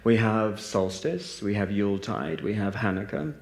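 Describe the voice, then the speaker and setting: A man's voice: fairly low pitch, animated, moderate pace. A man leading a reflective spiritual talk and group meditation for a live audience, with many fillers and restarts. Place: large hall with a live audience. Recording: roomy echo.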